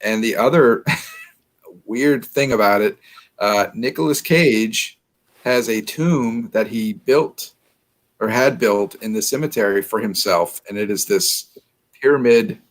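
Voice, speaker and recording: A man from New Orleans, a guest in a casual interview, chatty and quick to laugh, often repeating his words. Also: lowish voice. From New Orleans, USA.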